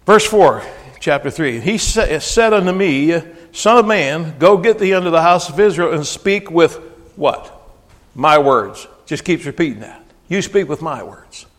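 A male preacher giving a folksy, emphatic sermon, often rising to near-shouting when he quotes scripture. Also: fairly high pitch, animated, measured pace. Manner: folksy, with frequent restarts and asides. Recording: long hall reverb.

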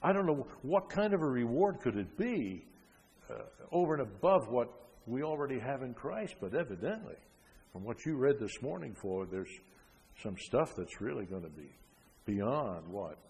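An older man preaching a sermon, emphatic, with frequent rhetorical questions, rising loud and then dropping soft. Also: mid-range voice, sing-song, normal speed. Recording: long hall reverb.

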